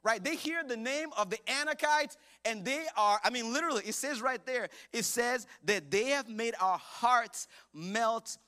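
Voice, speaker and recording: A man preaching a sermon in a church, animated and joking as he acts out quoted voices. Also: extremely high pitch, normal speed, few pauses. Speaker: pastor. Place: church hall.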